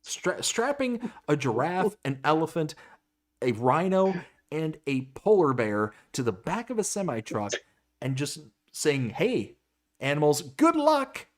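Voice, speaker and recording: A man's voice: fairly high pitch, very animated, measured pace. Stammering, exasperated man on a livestream. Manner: reads chat comments aloud. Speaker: livestream co-host. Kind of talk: casual live stream chat.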